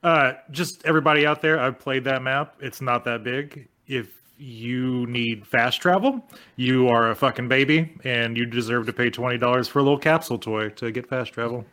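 A man's voice: mid-range voice, moderate pace, sharp tone. A man co-hosting a podcast, joking and teasing bluntly in casual chat. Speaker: podcast co-host.

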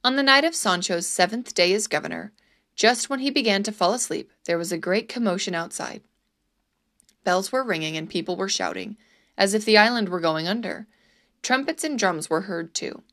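A woman reading a storybook aloud in a measured, expressive way. Her voice sits at an ordinary middle pitch. Her narration is steady and clear.

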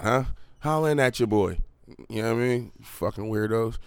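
Young male podcast host, deep and dry, rambling and swearing freely. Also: a little fast, clear, resonant tone, no echo. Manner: profane, rambling, full of fillers and restarts. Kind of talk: casual podcast rant.

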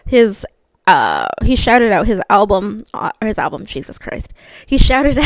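A woman's voice: mid-range voice, no echo. Young woman podcast co-host, chatty and upbeat, dry close mic. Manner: chatty, upbeat, laughs often. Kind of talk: casual podcast chat.

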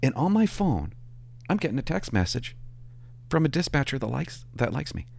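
A man, a former police officer telling stories in a casual, animated and profane way. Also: mid-range voice, normal speed, gravelly. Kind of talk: casual storytelling to camera.

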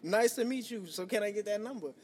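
Casual podcast host, man from New York, 30s, high voice, reverberant room with a faint rumble. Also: quick pace. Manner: profane, animated storyteller, quoting himself. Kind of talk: casual storytelling chat.

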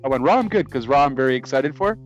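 Animated Canadian man, lo-fi sound. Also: medium pitch, quick pace, soft background music. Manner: animated, laughing, self-mocking. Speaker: podcast co-host. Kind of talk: casual podcast chat.

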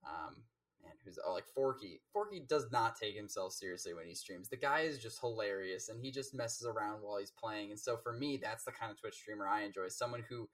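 A man's voice: on the low side, a little fast, fairly bright tone, distant mic. A man, a game coach, chatting casually as a guest and rambling through stories with many fillers and restarts. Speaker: Rocket League coach and guest. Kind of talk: casual interview chat.

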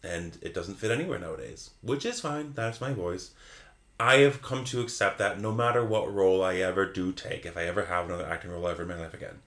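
Bright, echoey tipsy man chatting. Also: low-pitched, quick pace. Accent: American. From United States. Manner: chatty, rambling, self-correcting. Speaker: podcast co-host. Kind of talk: casual chat.

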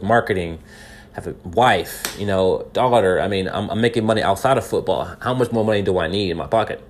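A man from California giving casual news commentary, speaking earnestly and putting rhetorical questions straight to the listener, with many restarts and repeated words. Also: lowish voice. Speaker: podcast commentator.

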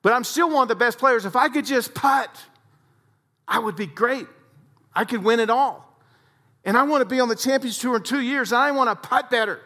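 A man's voice: extremely high pitch, normal speed, pushed and bright, pitched above the performer's own voice, heavily acted. A man voicing an eager middle-aged golf pro who talks in a raised, pleading, earnest way.

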